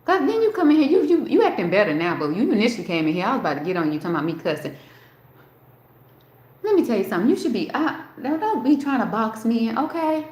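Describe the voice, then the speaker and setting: A woman's voice: mid-range voice, sing-song, fast talker, a little mellow. A woman hosting a casual live stream, rambling and talking straight to her chat, swearing freely. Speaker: livestream host. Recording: roomy echo.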